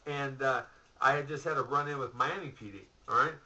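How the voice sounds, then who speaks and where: Profane ranting man, bright tense voice. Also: mid-range voice, brisk, muffled recording. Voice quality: rambling, profane, storytelling with laughs and asides. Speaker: vlogger.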